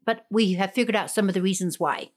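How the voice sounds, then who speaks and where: A woman's voice: mid-range voice, quick pace. A woman co-hosting a gardening podcast in a chatty, amused way, laughing often. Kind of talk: casual chat.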